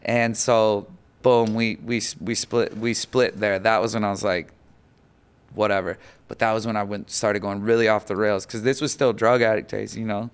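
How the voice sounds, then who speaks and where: A man guest on a podcast, telling an emotional personal story in an animated way, full of fillers, acting out quoted voices. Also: on the low side, normal speed, clear, resonant tone.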